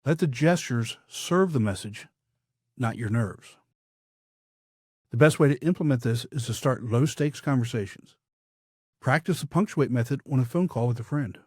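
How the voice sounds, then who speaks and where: A man hosting a public speaking podcast, giving scripted, measured instruction with emphatic, downward-punctuated points. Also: medium pitch, lively intonation, darkish tone, breathy edge, dry recording, clean studio sound.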